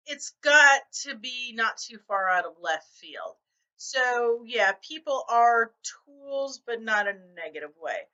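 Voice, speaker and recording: A middle-aged woman vlogging about her writing, telling stories animatedly and acting out other people's reactions. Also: fairly high pitch. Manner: animated storytelling, acts out quoted reactions. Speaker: novelist vlogger. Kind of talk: casual talk to camera. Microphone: camera mic. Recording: dull lo-fi camera audio.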